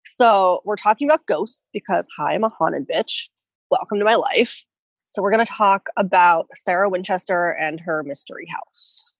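A woman's voice: fairly low pitch, normal speed, no echo. A woman co-hosting a podcast, playful and self-mocking in casual chat. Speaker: podcast co-host.

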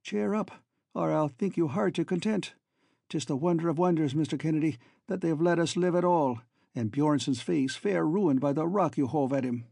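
A man's voice: fairly high pitch, moderate pace, vocal fry, dark tone, no echo, studio quality. A man voicing a cheerful young Irish prisoner who teases his companion in a jaunty Irish brogue. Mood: teasing.

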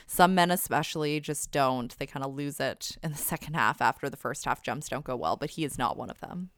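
Low-voiced, lively woman co-host. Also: fairly quick, no room sound. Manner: lively and giggly. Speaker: podcast co-host. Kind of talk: casual chat reviewing figure skating.

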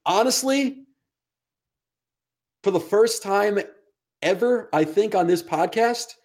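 A man's voice: sits high, animated, slow pace, darkish tone. A man co-hosting a podcast, talking sports in a blunt, sarcastic way and swearing casually. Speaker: podcast co-host.

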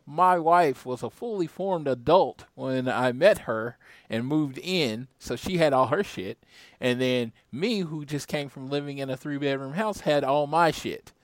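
A man's voice: mid-range voice, no room sound, clean studio sound. A man hosting a podcast, talking in a loose, rambling, conversational way. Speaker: podcast host. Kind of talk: casual podcast chat.

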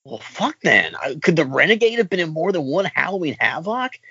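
A man on a casual podcast, joking and cursing while he thinks through quiz answers out loud. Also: fairly high pitch, very animated, a little fast, breathy edge, dry recording. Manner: profane, joking, thinks aloud. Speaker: podcast co-host, quiz contestant. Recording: dry, dull lo-fi sound.

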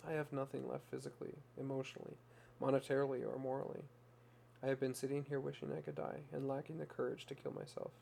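A man's voice: medium pitch, level tone, fast talker, vocal fry, a little mellow, slight background noise. A man voicing a desperate young mother who pours out a raw, plain-spoken confession in a story reading. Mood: despairing.

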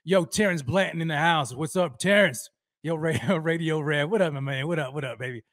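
A man hosting a fan livestream, energetically shouting out viewers by name and talking about how fired up he is. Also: a little high, a little fast, no room sound, studio quality. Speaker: host of a fan livestream show. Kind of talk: energetic live-stream roll call.

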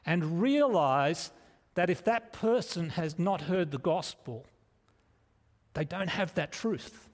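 A man's voice: a little high, lively intonation, takes it slowly. A man preaching a sermon in an earnest, emphatic way, often restarting his phrases. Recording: echoey hall reverb.

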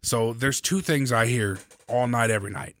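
A man's voice: medium pitch, normal speed, a bit bright, no room sound. A man in casual chat, ranting bluntly and profanely.

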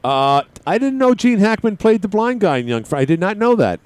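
A man's voice: sits high, sing-song, a little fast, darkish tone, clear, resonant tone. A man hosting a call-in radio show, chatting in a rambling, joking way with plenty of side tangents. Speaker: radio talk show host. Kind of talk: call-in talk radio chat.

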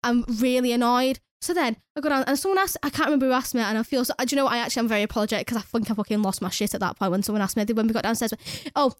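A woman's voice: on the high side, very fast, hardly any pauses, dry recording, studio quality. A young woman who works at a nursery, telling a story in casual chat with lots of swearing and exasperated ranting. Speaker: nursery worker.

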